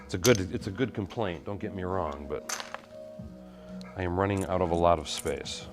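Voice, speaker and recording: Deep-voiced man rambling on a live stream. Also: moderate pace, pauses often, music in the background. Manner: rambling, greets viewers while sorting bricks. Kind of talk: casual live-stream chat. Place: home hobby room. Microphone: mic kept a little away from the face.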